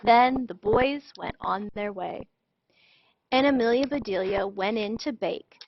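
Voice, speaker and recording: A woman reading a children's storybook aloud in an expressive, animated way. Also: mid-range voice, a little slow, creaky. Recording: dull lo-fi dry sound.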